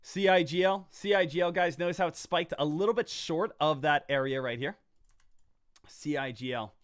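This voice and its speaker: High-voiced, energetic male trading coach. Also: normal speed, no room sound, studio quality. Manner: energetic, talks straight to viewers as "guys" and "team"; repeats phrases for emphasis. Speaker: stock trader and trading coach. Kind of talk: casual trading lesson over live charts.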